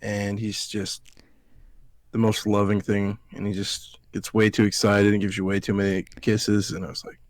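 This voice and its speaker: In a dry recording, a lowish, monotone man speaks at a moderate pace. He co-hosts a podcast, and as an Alabaman he tells rambling, profane stories in casual chat while acting out other people's words.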